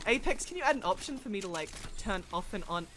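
A woman giving excitable, frantic gameplay commentary, often breaking into laughs. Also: medium pitch, fast talker, background noise. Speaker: gaming video creator. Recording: gunfire and game sounds behind voice. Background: game gunfire and effects.

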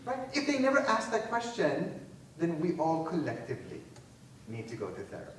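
Animated male speaker in an echoey hall. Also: a little high, moderate pace. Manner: animated, sarcastic humor with rising emphasis. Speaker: keynote speaker. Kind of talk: university lecture and Q&A answers. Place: large lecture hall. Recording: echoey hall, distant mic, faint noise.

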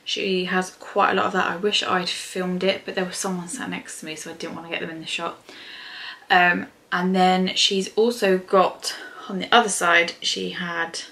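A chatty woman talks straight to camera from her home, her voice bright and forward. She sits fairly low in pitch for a woman and keeps dropping in ums and likes as she goes. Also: steady tone, normal speed. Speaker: beauty and motherhood vlogger. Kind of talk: casual chat to camera. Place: at home indoors.

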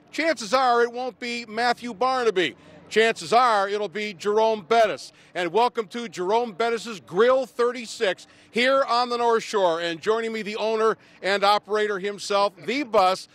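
High-voiced joking sports talk host. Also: male voice, fairly bright tone. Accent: Pittsburgh. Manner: quick-witted, teasing, self-deprecating. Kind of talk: lively sports talk and interviews. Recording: music faintly behind.

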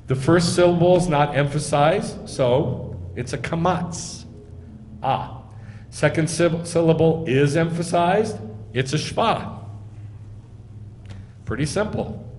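A man's voice: fairly high pitch, darkish tone. A man, a rabbi, giving a teaching sermon, explaining step by step and quizzing his listeners. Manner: explains step by step, asks the audience questions. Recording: echoey hall, faint noise.

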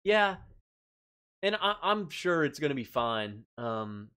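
A man hosting a relaxed tasting livestream, talking straight to his chat and laughing easily. His voice sits a little high and swings widely in pitch. There's a stressed edge to how he talks. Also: slow, clear, resonant tone. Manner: chatty, reads out chat comments, laughs often. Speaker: livestream host. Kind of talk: casual live-stream chat.

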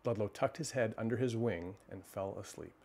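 A man hosting a livestream, reading a children's storybook aloud and then chatting with viewers in a relaxed, halting way. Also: on the low side. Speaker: storyteller host.

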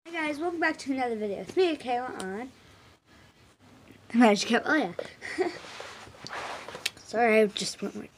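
A woman's voice: fairly high pitch, normal speed, pauses often, slight background noise. A woman vlogger in casual chat, rambling with fillers and self-corrections. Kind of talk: casual home video chat.

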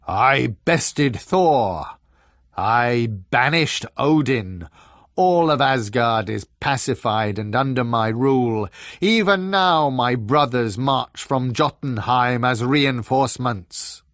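A man voicing a huge, boastful male frost giant, booming and slow in a storybook reading. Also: animated, fairly bright tone, no echo, studio quality.

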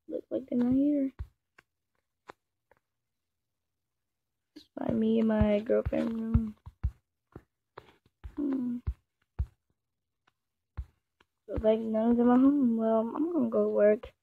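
A woman's voice: fairly high pitch, steady tone, a little slow, vocal fry. A woman voicing an easygoing married man buying a car in a game role-play. He rambles and talks to himself. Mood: excited. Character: easygoing male car buyer with a wife. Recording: muffled and noisy, with background clicks.

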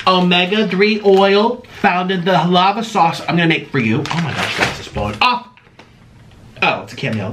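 A man chats his way through a home-kitchen cooking vlog, dramatic, sassy and rambling. His voice sits high and swoops all over the place. Clear background noise runs under the recording. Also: expressive, normal speed. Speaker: vlogger host. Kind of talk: casual cooking and eating chat.

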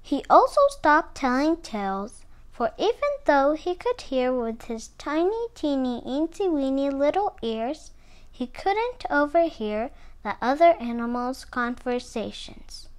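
A woman reading a children's picture book aloud in an expressive, sing-song way. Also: high voice, a little slow. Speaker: storyteller.

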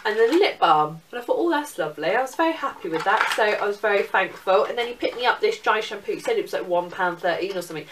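A woman's voice: medium pitch, animated, quick pace, hardly any pauses, a bit bright, distant mic, a little hiss or hum. An eighteen-year-old woman, chatting casually through a beauty haul and swearing freely. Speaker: beauty vlogger.

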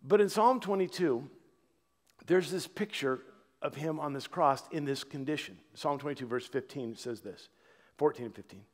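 A man preaching a sermon, swinging from loud proclamation to a hushed near-whisper. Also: a little high, moderate pace, big-room sound. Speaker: pastor. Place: church.

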